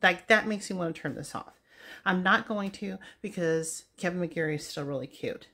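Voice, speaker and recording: Woman, forties, husky breathy voice, slightly low pitch, chatty and sarcastic, a bit winded, casual rambling. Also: moderate pace, pushed and bright. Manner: chatty, sarcastic, easily amused. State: a little out of breath from walking. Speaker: vlogger reacting to a movie.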